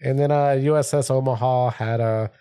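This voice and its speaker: A man's voice: medium pitch, fairly even intonation, normal speed, dark tone, clean tone, no room sound. A man rambles through casual podcast banter, swearing as he goes. He has been drinking, and his voice sits close and completely dry on the mic. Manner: rambling, loose, swears freely. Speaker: podcast co-host.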